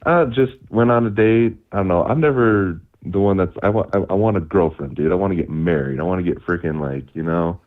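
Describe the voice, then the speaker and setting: A man's voice: sits low, a little fast, few pauses. A young man calling in on a phone line, chatting casually in a rambling way, laughing often and saying "like" and "dude" a lot. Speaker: caller.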